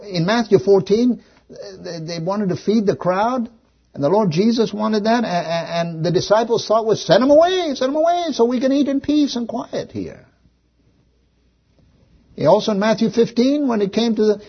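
A man preaching a sermon as pastor, animated, swinging between loud emphasis and hushed questions. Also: a little high, slightly rough, highs cut off.

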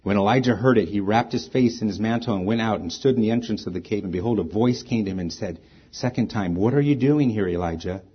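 Husky-voiced male pastor preaching. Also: on the low side, fast, dull audio. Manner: reads scripture aloud with rising emphasis, then speaks plainly to the congregation. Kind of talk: sermon.

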